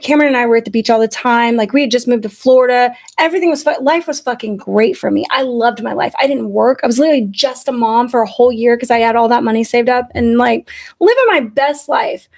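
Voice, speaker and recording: A woman in her forties, a podcast host telling candid stories in casual chat, blunt and profane. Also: a little high. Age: 40s. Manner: blunt and profane, animated storytelling.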